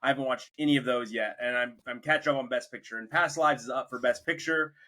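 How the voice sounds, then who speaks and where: A man's voice: mid-range voice, fast talker, pushed and bright, rough recording. A young man hosting a podcast, casually retelling a film's plot in a rambling way. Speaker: podcast host. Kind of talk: casual movie review chat.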